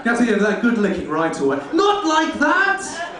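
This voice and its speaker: A man's voice: extremely high pitch, huge pitch swings, normal speed, crowd noise, voice pushed up, exaggerated voice. A man voicing an indignant, disgusted male house cat who scolds and gloats over gory details, in an echoey club room heard from far off. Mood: outraged. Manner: outraged, scolding, gleefully gory.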